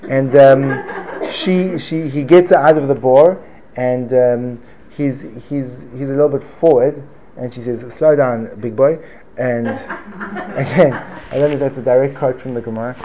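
A man's voice: mid-range voice, steady tone, normal speed, warm tone. A man teaching an informal Torah class to a live room, joking and digressive, often repeating himself. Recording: dull lo-fi recording with faint room noise.

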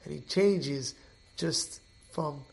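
A man teaching a Torah class as an animated storyteller who repeats and restarts his phrases. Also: on the high side, very slow, gravelly.

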